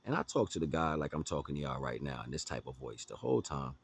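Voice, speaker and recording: A man's voice: extremely low pitch, very animated, fast talker, vocal fry, breathy edge. A man telling a story to his viewers in a blunt, profane, emphatic way, with lots of asides to the listener. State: homeless, talking about his day. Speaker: vlogger. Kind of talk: casual storytelling monologue.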